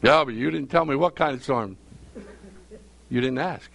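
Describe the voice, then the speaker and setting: A man's voice: medium pitch, normal speed, gravelly, a bit bright. A male pastor preaching a sermon, repeating phrases for emphasis and calling out questions to his congregation.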